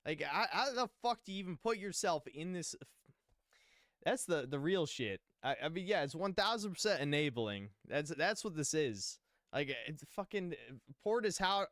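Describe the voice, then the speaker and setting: A man's voice: fairly high pitch, a bit bright, no echo, studio quality. A man streaming a live reaction, heckling the video with blunt, scornful remarks. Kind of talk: mocking live reaction commentary.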